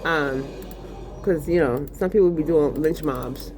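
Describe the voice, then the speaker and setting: A woman talks in a loose, profane, animated way, with a fairly low voice. Faint keyboard typing sits under her speech. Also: measured pace, noisy background. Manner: profane, animated storytelling, lots of fillers. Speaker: vlogger. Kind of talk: casual rant while gaming.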